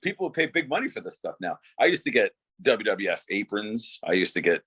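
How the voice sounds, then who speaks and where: A man's voice: fairly low pitch, big pitch swings, fairly quick, fairly bright tone, breathy edge. A middle-aged man, a former wrestler, talking casually as an interview guest in a laid-back way, saying "dude" and "you know" often.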